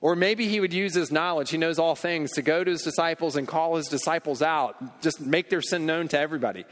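A man's voice: a little high, fairly quick, a bit bright. A man preaching a sermon as pastor, earnest and emphatic, often repeating words as he goes. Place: church hall. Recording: long reverb in a large hall.

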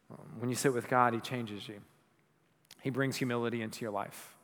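Male pastor, mid-pitched, sermon delivery that swings from forceful to hushed; long church-hall reverb. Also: steady tone, normal speed. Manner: swings from loud emphatic preaching to soft hushed speech.

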